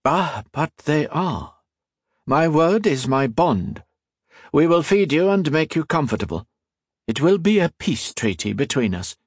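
Male reader doing an imperious woman villain, menacing, coaxing, lively delivery. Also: a little high, measured pace, no echo, clean studio sound, voice pushed up, heavily acted. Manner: menacing, smoothly persuasive. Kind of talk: audiobook character voice.

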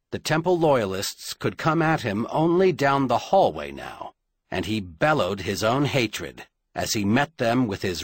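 A man narrating a fantasy novel in a dramatic, measured storytelling voice. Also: mid-range voice, slightly rough, no room sound. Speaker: audiobook narrator. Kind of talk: scripted fiction narration.

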